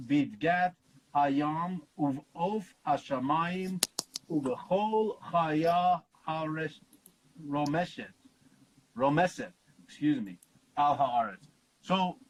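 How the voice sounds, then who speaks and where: Husky man teaching scripture casually. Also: a little high, sharp tone, rough recording. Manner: explains slowly, sounds out Hebrew words, swears casually. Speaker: Bible study host.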